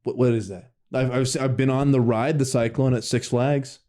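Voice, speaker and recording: A man's voice: medium pitch, fairly even intonation, normal speed, dark tone. A young man co-hosting a casual podcast, bantering, swearing and repeating catchphrases. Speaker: podcast co-host. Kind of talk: casual chat.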